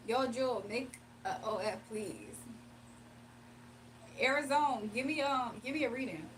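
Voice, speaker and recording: A woman's voice: a little high, moderate pace, distant mic, a little hiss or hum. A young woman hosting a casual livestream, chatting with viewers, reading their comments aloud and laughing often. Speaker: livestream host giving spiritual readings.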